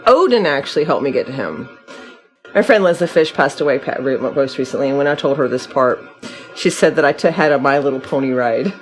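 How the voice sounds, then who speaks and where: A woman's voice: very deep voice, fairly quick, soft background music. Woman host, voice bounces all over, laughs a lot, asks stuff. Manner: lively, laughing, prompts with questions. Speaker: podcast host. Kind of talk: casual conversation.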